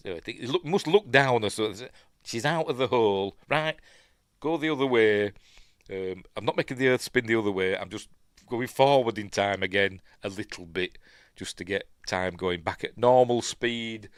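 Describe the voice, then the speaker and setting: A man's voice: on the low side, a bit bright, no echo, clean studio sound. A man with a Yorkshire accent giving a casual, rambling review while watching a film, full of fillers and chuckling asides. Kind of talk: casual commentary over a film.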